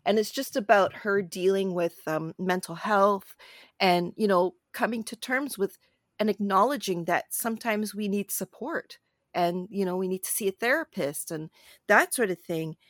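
A woman's voice: mid-range voice, moderate pace, no echo. Chatty woman, dry close sound. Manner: animated, laughs often, chatty. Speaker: podcast co-host. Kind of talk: casual film discussion.

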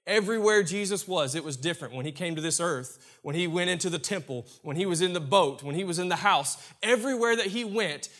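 High, bright-voiced young preacher man. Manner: emphatic, swings between loud and hushed delivery with repeated phrases. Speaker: pastor. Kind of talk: sermon.

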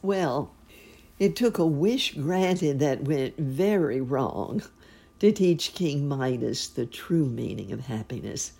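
A woman reads a storybook aloud, slow and expressive. Her voice is low and gravelly, with a husky, mellow warmth. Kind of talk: storybook reading.

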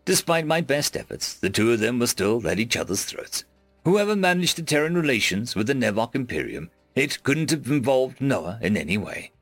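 Expressive male audiobook narrator. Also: medium pitch, normal speed, no echo. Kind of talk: first-person audiobook narration. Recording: dry close mic with faint music.

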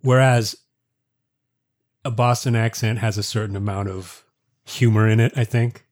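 A man as a guest in a casual chat, relaxed, with dry humor. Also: lowish voice, a little slow.

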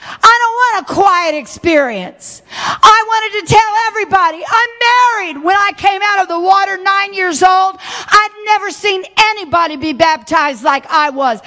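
A middle-aged woman preaching a sermon, switching between folksy asides and fiery shouting. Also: very high-pitched, expressive, normal speed. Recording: long hall reverb.

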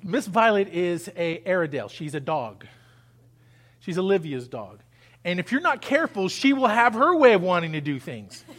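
High-voiced male pastor preaching. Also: big pitch swings, normal speed, fairly bright tone. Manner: preaching with rising intensity and call-and-response; acts out pleading voices. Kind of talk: sermon.

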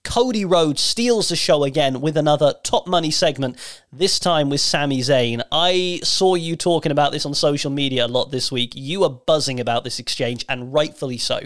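A man hosts a chatty podcast, his voice pitched a little higher than most men's. He talks with the energetic, polished delivery of a professional broadcaster. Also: moderate pace. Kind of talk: casual podcast chat.

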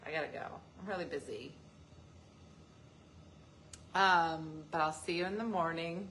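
A woman's voice: low-pitched, measured pace, pauses often, a bit bright. A woman hosting a casual live stream, joking and teasing as she answers viewer comments. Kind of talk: casual chat.

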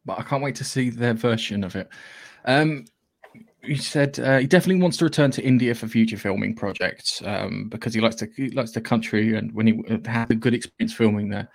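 A man's voice: medium pitch, a little fast, gravelly. A man hosting a podcast, chatting casually about films and rambling with many restarts. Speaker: podcast host. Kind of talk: casual film chat.

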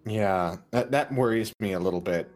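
A man's voice: on the low side, normal speed, darkish tone. A man playing a tabletop game, talking casually and rambling with many fillers and restarts. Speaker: player.

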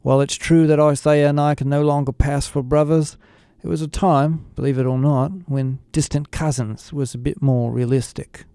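A man's voice: fairly high pitch, steady tone, normal speed, mellow, smooth, dry recording, studio quality, natural voice. A man voicing a cool, cheerful half-alien rock star scientist with a British accent, in an audiobook. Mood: breezy. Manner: cheerful, languid, genteel. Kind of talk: audiobook character voice.

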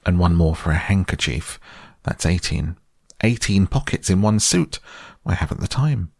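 A man voicing a bossy, self-important male rabbit who lectures in a brisk, self-assured way, read as a storybook. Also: sits low, animated, vocal fry, husky, no room sound, studio quality, exaggerated voice. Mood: fussy. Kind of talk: storybook character voice.

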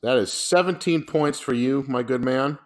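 A young man co-hosting a podcast in easy, profane banter. His voice sits at an ordinary middle pitch, and he jokes loosely with his friend. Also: normal speed. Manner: profane, laid-back, joking. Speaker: podcast co-host. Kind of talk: casual chat, movie quote game.

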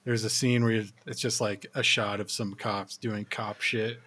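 A man's voice: on the low side, flat delivery, pushed and bright, slightly rough. A man hosting a podcast, chatting casually and telling a story with lots of swearing and laughter. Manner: laughing, profane storytelling with quick impressions. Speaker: podcast host.

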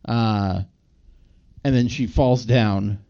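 A man's voice: on the low side, fairly even intonation, very slow, creaky, dark tone, far from the mic, lo-fi sound. A man co-hosting a podcast, casually rambling through a movie plot recap with fillers and laughs. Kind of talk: casual chat.

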